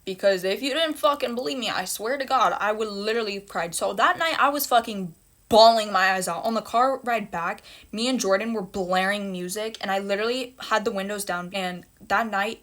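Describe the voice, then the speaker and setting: A woman's voice: medium pitch, a bit bright. A young woman telling a personal story in a casual storytime monologue, blunt and emphatic, with heavy swearing and repeated phrases.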